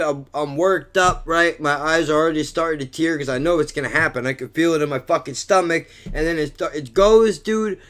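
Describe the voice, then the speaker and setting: A man's voice: fairly high pitch, fairly bright tone. A man rambling through a crude, profanity-filled vlog monologue, swearing and mocking himself. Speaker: vlogger.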